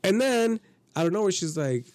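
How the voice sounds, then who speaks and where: A man's voice: high-pitched, big pitch swings, moderate pace, darkish tone. A man in his thirties telling a rambling, profane story on a casual podcast. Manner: profane, rambling, acts out quotes. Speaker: podcast guest.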